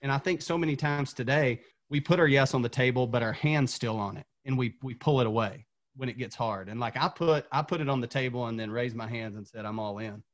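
A former coach from Tennessee, appearing as a podcast guest, tells an earnest motivational story in a brisk, medium-pitched male voice. When he gets fired up, he repeats words.

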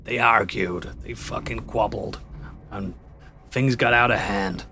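A man's voice: on the low side, fairly even intonation, measured pace, gravelly, sharp tone. A man playing a tabletop game, talking in brash, profane banter. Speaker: player.

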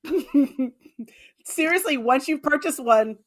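A woman co-hosting a comedic talk show, chatting in an animated, quizzical way and laughing often. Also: high-pitched, slow pace. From New York. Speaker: co-host. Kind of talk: casual comedic chat.

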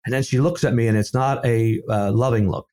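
A man's voice: medium pitch, fairly quick. A middle-aged man, a safety professional, telling stories in a conversational interview and acting out the dialogue he quotes. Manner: animated storyteller, acts out quoted dialogue. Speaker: safety professional and seminar speaker.

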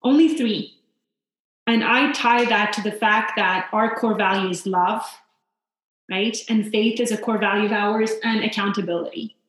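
A woman's voice: medium pitch, a little slow, a bit bright. A woman from Poland, a guest on a podcast, telling personal stories in an earnest, reflective way. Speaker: guest, founder and coach for mothers. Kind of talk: heartfelt podcast interview. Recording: very echoey room.

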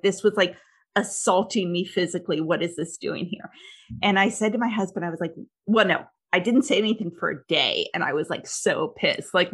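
Brief: middle-aged woman host, lowish voice, candid and animated, casual chat. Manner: candid, animated storytelling with lots of "like". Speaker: podcast host. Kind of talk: casual conversation.

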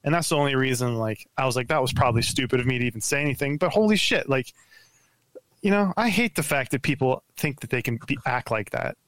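A man guesting on a podcast, telling a story in a lively, profane way full of stammered restarts, over a remote call mic. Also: medium pitch, fast, dry recording. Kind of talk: casual podcast chat.

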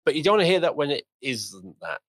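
A man hosting a podcast, chatting in a relaxed, rambling way and acting out the people he quotes. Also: a little high, fast talker, slightly rough, no room sound. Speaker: podcast host. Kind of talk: casual podcast conversation.

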